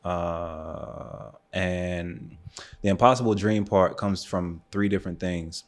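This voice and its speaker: A young adult man from the United States, a photographer guest on a podcast, telling a personal story in a relaxed casual way with lots of fillers like "um" and "like". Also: sits low, slow pace.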